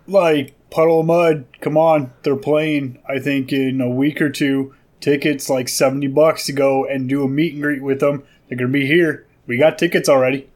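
A man's voice: mid-range voice, fairly even intonation, normal speed, few pauses, darkish tone. A man on a podcast panel, brash and boisterous in casual banter. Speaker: podcast co-host.

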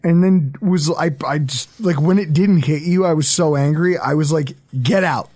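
A man, hosting a casual sports podcast and telling stories in an animated way, laughing often. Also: fairly high pitch, normal speed. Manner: animated storyteller, laughs a lot. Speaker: podcast host.

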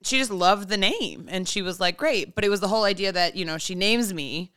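A woman in her thirties, a podcast guest, telling family stories in an animated, joking way. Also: mid-range voice, a little fast, smooth, dry recording, studio quality. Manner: animated, jokey storyteller. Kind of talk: casual chat, storytelling.

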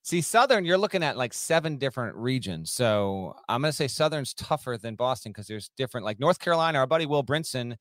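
A man's voice: mid-range voice, big pitch swings, brisk, hardly any pauses, fairly bright tone, dry recording. Teasing man co-hosting sports talk. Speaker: podcast co-host.

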